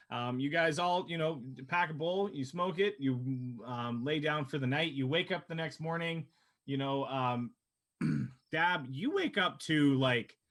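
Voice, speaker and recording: A man's voice: mid-range voice, a bit bright. A man narrating as game master of a tabletop game in a casual, rambling way, full of fillers. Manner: casual, rambling, many fillers, laughs at his own jokes.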